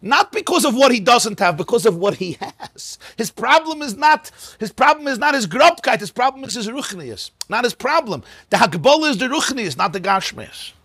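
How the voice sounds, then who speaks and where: Male rabbi lecturing in a synagogue; bright, husky tone, emphatic, repeats key words, sprinkles in Hebrew and Yiddish. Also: extremely high pitch, sing-song, normal speed, no echo. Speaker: rabbi teaching a class. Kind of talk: lecture on mystical texts.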